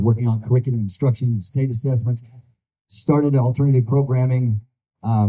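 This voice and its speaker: A man's voice: medium pitch, mellow, breathy edge, low-quality recording. An older man giving a folksy, earnest campaign speech, telling stories to a crowd of supporters. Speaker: political candidate.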